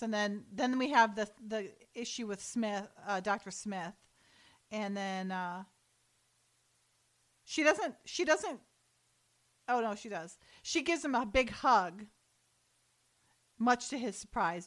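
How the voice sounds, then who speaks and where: Chatty woman retelling a story. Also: a little high. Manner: animated retelling with quick quoted voices and laughs. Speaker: podcast co-host. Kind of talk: casual chat recapping an episode.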